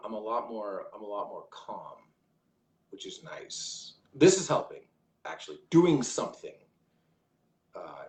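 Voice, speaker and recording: A man hosts a casual livestream from home, his voice rising and falling with animation as he reads comments aloud. He rambles and restarts often, and the room around him rings with a noticeable echo. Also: low voice. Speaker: livestream host.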